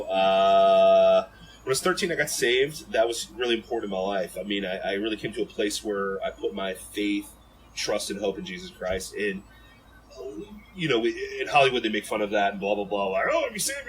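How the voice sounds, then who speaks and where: A man from Ohio telling stories as a podcast guest in an animated, rambling way full of fillers and restarts. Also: on the low side, normal speed, slight background noise, poor audio. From Ohio, USA. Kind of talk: casual storytelling in an interview.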